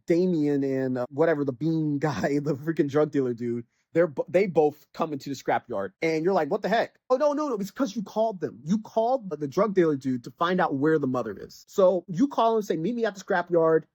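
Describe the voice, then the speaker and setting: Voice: medium pitch, animated, a little fast, few pauses, a little mellow, no echo, muffled recording. A podcast host giving a casual, rambling critique of a game, full of restarts and constant "like" fillers. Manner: rambling, heavy use of "like", frequent restarts. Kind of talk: casual game review rant.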